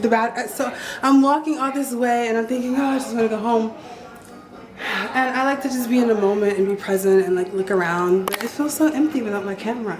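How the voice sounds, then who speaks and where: Her voice sits a little high as she films herself on a handheld camera while walking down a city street. The young vlogger chats and rambles, mocking herself through her stories, and the sounds of the street come through clearly.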